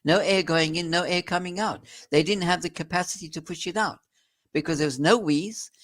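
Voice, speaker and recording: Emphatic South African man, higher pitch. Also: fairly quick, a bit bright. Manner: earnest, emphatic, frequent restarts. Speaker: doctor being interviewed. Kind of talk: explanatory interview talk.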